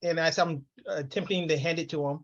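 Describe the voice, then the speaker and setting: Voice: mid-range voice, fairly even intonation, a little fast, highs cut off. A player in a tabletop game, speaking in a hesitant way, with some laughter.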